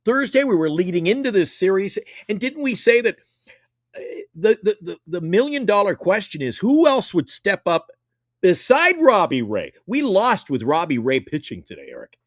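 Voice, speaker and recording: Brief: heated male sports talk co-host, high and lively voice, dry close sound. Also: normal speed, no room sound. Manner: emphatic, heated, swears.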